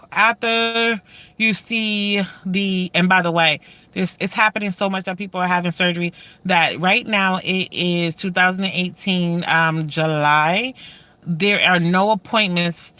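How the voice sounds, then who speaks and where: A woman talks straight to her camera in an unfiltered vlog, swearing freely and wandering off topic before pulling herself back. Her voice is bright and forceful, with a sharp, pushing edge. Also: fairly low pitch, no echo. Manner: blunt, profane and rambling. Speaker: vlogger. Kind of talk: casual talk to camera.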